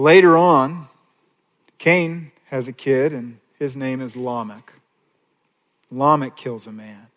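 A pastor preaching an earnest sermon, rising to loud, high passages and dropping to a soft near-whisper on key lines. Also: male voice. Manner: earnest preaching with dramatic swings in pitch and volume.

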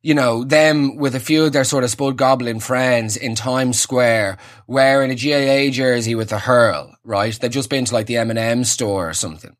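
A man's voice: mid-range voice, moderate pace, few pauses. A man in his thirties with an Irish accent, delivering a sardonic, ranting comic monologue. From Ireland. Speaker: comedian.

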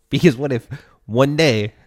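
A man's voice: medium pitch, slow pace, darkish tone, slightly rough, no echo, clean studio sound. A man hosting a relationship podcast, giving earnest, casual advice straight to the listener.

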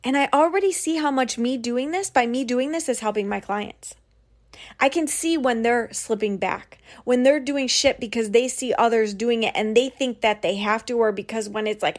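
A young woman hosting her podcast, telling a personal story in a candid, animated way and often swearing. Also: a little high, moderate pace. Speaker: podcast host and business coach. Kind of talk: casual personal monologue.

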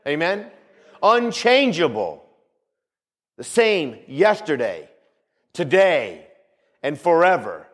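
A man's voice: on the high side, sing-song, slow pace, long pauses. A male pastor preaching a sermon, repeating phrases for emphasis and calling out for amens.

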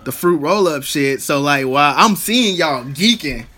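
Chill guy with a bright voice, slangy casual chat, cusses a lot. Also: on the high side, animated, a little slow. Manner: laid-back, slangy, swears casually.

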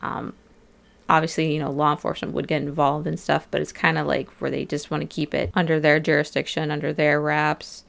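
A woman with a low, gravelly voice recaps an episode in a relaxed podcast chat. She talks loosely, full of fillers, and slips into little acted-out quotes. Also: brisk. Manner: chatty, many fillers, acts out quotes of locals. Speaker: podcast co-host.

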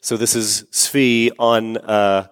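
A man's voice: lowish voice, little pitch movement, slow pace, a bit bright, smooth. Man preaching a story in a reverberant hall. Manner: earnest, repeats words for emphasis. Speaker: pastor. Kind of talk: sermon storytelling. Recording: long reverb of a large hall.

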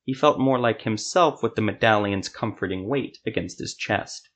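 A man narrating a scripted fantasy story for a podcast in a steady, even storytelling manner. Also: lowish voice, moderate pace.

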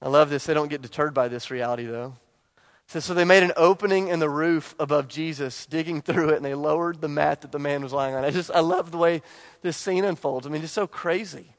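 Male pastor, higher register, lively storyteller who builds to emphatic bursts in a church sermon. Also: fairly quick. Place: church sanctuary.

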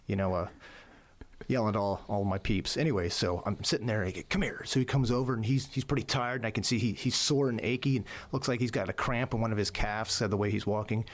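A middle-aged man with a low-pitched voice tells a story in casual conversation. He rambles and repeats words as he goes. When he quotes what he said, his voice jumps higher. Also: fairly even intonation, fast talker. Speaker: course instructor.

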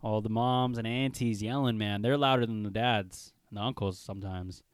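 A young man from Washington state hosts his own podcast alone, rambling in an easygoing, slangy way. His voice is smooth and clean, and the recording is dry and close. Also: on the low side, fairly even intonation, moderate pace, no room sound. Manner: laid-back, rambling, says bro and dude. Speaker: podcast host. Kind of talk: casual solo podcast monologue.

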